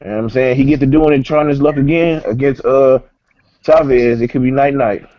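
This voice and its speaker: A man's voice: medium pitch, fairly even intonation, fairly quick, no echo. A man giving casual boxing picks on a call, slangy and often asking if he's understood. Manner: slangy, keeps asking "you know what I'm saying". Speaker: co-host analyst. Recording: lo-fi online call with faint hiss.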